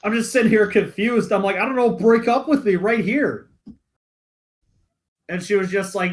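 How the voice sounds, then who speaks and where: Casting: young male podcaster, high-pitched, animated, swears freely while recounting a school story. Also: moderate pace, long pauses. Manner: animated, profane, acts out quoted voices. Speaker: podcast co-host. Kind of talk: casual storytelling chat.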